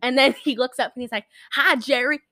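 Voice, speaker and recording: A woman's voice: high-pitched, racing, no echo, clean studio sound. A woman in casual chat, animatedly retelling a movie plot and slipping into the characters' lines. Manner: chatty, animated retelling with quoted character voices.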